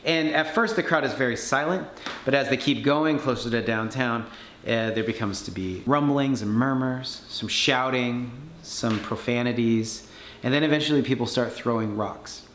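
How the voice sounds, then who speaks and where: A man at a conference podium tells a story with lively energy, acting out the people he quotes. His voice is medium in pitch. The room is echoey, with faint noise behind him. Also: normal speed. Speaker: conference speaker. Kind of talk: storytelling talk. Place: conference hall.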